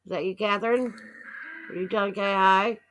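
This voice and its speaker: A woman's voice: mid-range voice, steady tone, moderate pace, a bit bright. A woman hosting a casual livestream from her home, chatting in a folksy way and laughing easily. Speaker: livestream host. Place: at home, indoors.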